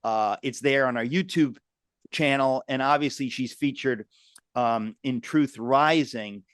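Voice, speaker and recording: A man's voice: mid-range voice, a little slow, fairly bright tone, smooth, no room sound, studio quality. A man hosting a conversational interview, exclamatory and speaking directly to his viewers. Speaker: host.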